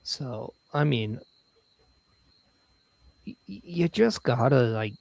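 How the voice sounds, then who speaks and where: A man co-hosting a live watch-along show, chatting casually, halting and restarting his words. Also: medium pitch, lively intonation, gravelly, darkish tone, no room sound. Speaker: co-host.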